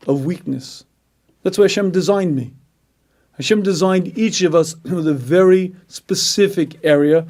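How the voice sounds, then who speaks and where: A middle-aged man teaching a class as a rabbi, emphatic, often clearing his throat and acting out inner voices. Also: a little high, darkish tone. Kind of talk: lecture.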